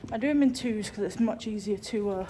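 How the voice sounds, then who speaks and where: Heavy noise surrounds a woman sheep farmer as she does outdoor chores and chats for her farm vlog, using plenty of ums. She speaks fairly quickly at a medium pitch.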